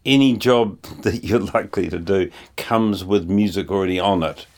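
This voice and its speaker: A man's voice: sits low, normal speed. A man who composes music for ads, talking casually and rambling with many fillers and restarts. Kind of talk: casual conversation.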